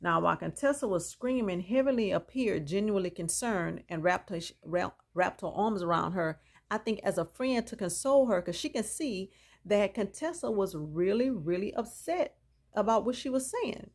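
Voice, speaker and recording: Talking to her audience directly, a woman gives a gossipy recap of a reality TV episode. Her mid-range voice is animated and moves at a normal pace, and she's chatty and opinionated, reacting as she goes.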